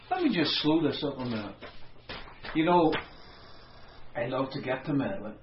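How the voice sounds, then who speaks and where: A man's voice: medium pitch, expressive, moderate pace, long pauses, highs cut off, slight background noise. Conversational man preaching in an echoey hall. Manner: conversational, wry asides. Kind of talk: expository sermon.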